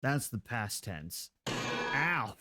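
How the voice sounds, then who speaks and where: A man's voice: medium pitch, big pitch swings, extremely slow. A man live streaming, chatting casually with his viewers in a playful, giggly way and laughing often.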